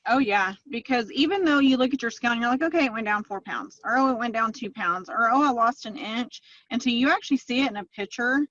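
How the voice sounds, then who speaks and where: A woman's voice: a little high, fast talker, hardly any pauses, a bit bright, no echo. Chatty woman on a dull line. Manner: chatty, storytelling with quoted asides. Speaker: podcast guest, fitness client. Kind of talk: casual interview chat. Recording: dull lo-fi, dry sound.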